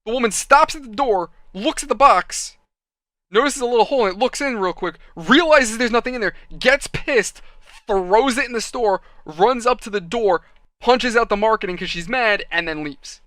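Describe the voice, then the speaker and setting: A man telling a rambling story in a chatty, animated way while building a model kit. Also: sits high, normal speed, no echo. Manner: chatty, animated, acts out quoted people.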